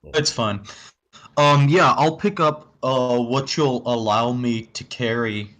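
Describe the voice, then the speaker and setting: A man's voice: medium pitch, slow, fairly bright tone. Eager man playing a tabletop game. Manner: eager, thinks aloud with fillers. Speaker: player. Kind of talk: casual tabletop game chat.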